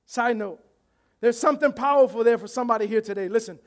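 A man preaching a sermon as pastor, animated, often shouting and laughing while acting out voices from the story. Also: extremely high pitch, quick pace.

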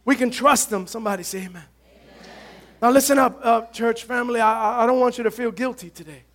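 A man's voice: extremely high pitch, fast, a bit bright. A male pastor preaching a sermon to his congregation, impassioned and calling out to the church.

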